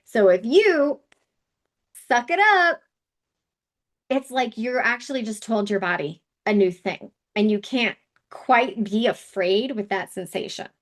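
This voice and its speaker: A woman's voice: medium pitch, a little slow. A woman hosting a casual live wellness session, talking in a chatty, candid way with asides and fillers.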